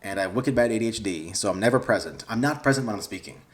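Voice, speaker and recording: A man's voice: lowish voice, quick pace. A young man, vlogging casually in a rambling, awkward, self-deprecating way. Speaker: YouTuber. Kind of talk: casual vlog talk to camera.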